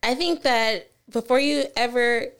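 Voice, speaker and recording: A woman's voice: a little high, measured pace, a bit bright, smooth. A woman co-hosting a casual chat who talks frankly and swears casually. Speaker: podcast co-host.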